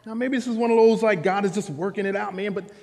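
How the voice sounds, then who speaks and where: A man preaching a sermon to a congregation in a casual, animated storytelling way. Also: high-pitched, fast, in a large hall. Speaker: pastor. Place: church sanctuary.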